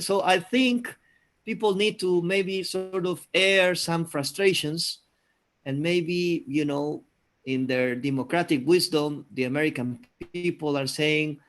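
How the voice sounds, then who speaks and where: Measured Peruvian-born man, slow and hesitant. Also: fairly high pitch. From Peru. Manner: thoughtful, hesitant with many fillers. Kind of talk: casual conversation. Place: live video call.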